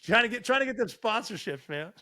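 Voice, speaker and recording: Fast-talking, profane man telling stories. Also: high-pitched. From Montana. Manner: profane, animated storyteller. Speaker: podcast guest. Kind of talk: casual storytelling.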